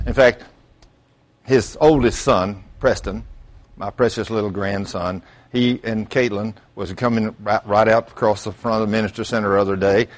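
An older man preaching a sermon, telling folksy stories and throwing out rhetorical questions with sudden outbursts. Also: mid-range voice. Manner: folksy storytelling. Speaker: pastor.

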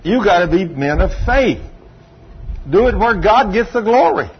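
A man's voice: high voice, animated, a little slow, husky. A man preaching a sermon, telling stories in a folksy, emphatic, drawling way. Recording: muffled lo-fi sermon recording with faint hiss.

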